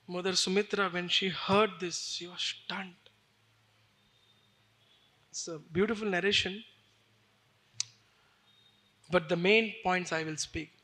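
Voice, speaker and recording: A man preaching a devotional sermon as an animated, emotional storyteller. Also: high-pitched, takes it slowly, pauses often.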